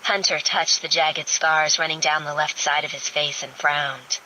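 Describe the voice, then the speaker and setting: A woman narrating a romance audiobook in a steady, even reading. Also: deep voice, measured pace, a little hiss or hum, low-quality recording.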